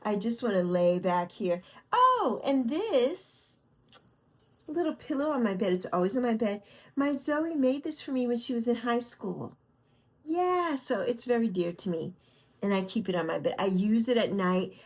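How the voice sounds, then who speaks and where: A woman's voice: a little high, animated, normal speed. Chatty middle-aged New York woman. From the Bronx, New York. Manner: chatty, rambling, affectionate. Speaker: vlog host. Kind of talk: casual chat. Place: lying back on her bed at home.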